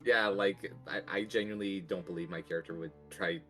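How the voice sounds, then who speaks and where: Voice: low voice, steady tone, fairly quick, a bit bright, soft background music. A player in a tabletop game on a stream, chatting casually and playfully. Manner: joking, playful.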